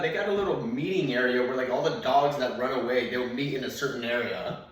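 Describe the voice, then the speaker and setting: A man's voice: medium pitch, fairly quick. A young man doing stand-up comedy, telling a rambling, profane story and acting out his dad and his dog. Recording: very echoey room, mic at a distance.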